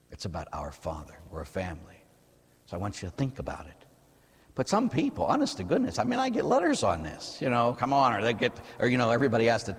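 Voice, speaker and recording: Male priest, lower voice, very animated intonation, conversational sermon, long church reverb. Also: slightly rough. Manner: lively preaching with rhetorical questions. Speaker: Catholic priest.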